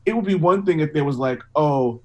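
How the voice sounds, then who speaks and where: A man's voice: a little high, expressive, fast talker, mellow, poor audio. Rambling man in casual chat. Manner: rambling, lots of "like" and "you know what I mean". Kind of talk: casual discussion.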